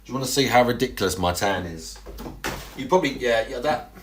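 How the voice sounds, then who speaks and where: A man's voice: mid-range voice, lively intonation, fairly quick, slight background noise. A young man chatting casually on a livestream, rambling and crude, with lots of restarts and self-mocking asides.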